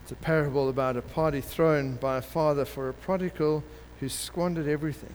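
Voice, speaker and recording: A man preaching a sermon, telling a parable in an animated way and acting out the characters. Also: a little high, brisk. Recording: long hall reverb with faint background noise.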